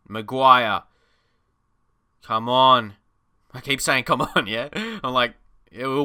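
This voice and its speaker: An Australian man giving casual, excitable commentary over a football management game, chatty and laughing often. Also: medium pitch. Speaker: gaming YouTuber.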